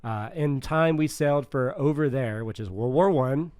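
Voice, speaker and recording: A man's voice: medium pitch, normal speed, darkish tone, clean tone, no room sound. A young man co-hosting a casual podcast, reading a book aloud and stopping to explain, laughing often. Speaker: podcast co-host.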